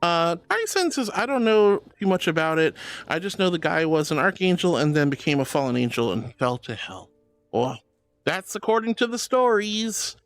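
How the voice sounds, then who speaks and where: A woman streaming live on a headset mic, chatting casually and reading chat aloud in a playful, animated, teasingly indignant way. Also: on the low side, moderate pace.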